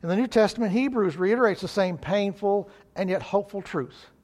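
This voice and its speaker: A man delivering a sermon in an earnest, building way, lingering on the phrases he wants to land. His voice sits on the higher side for a man. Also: a little mellow. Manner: earnest, rising in emphasis, slows on key phrases. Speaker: preacher.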